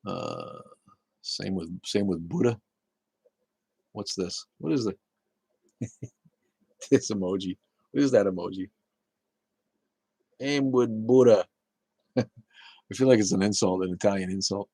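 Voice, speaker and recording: A man hosting a casual live talk show, rambling and swearing, with many halting restarts as he answers viewer chat. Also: lowish voice, gravelly, dark tone, breathy edge, dry recording, poor audio.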